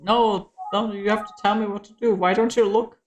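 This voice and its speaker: A woman's voice: mid-range voice, steady tone, moderate pace, faint music behind. A woman streamer playing a game, chatting casually and reacting aloud as she reads the game's text. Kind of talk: casual gaming livestream chat.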